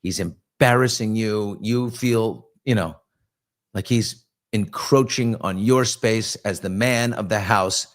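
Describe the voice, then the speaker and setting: Man in his own voice doing a frustrated wife pleading for calm, lowish voice. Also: takes it slowly. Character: upset ex-wife pleading to keep the peace.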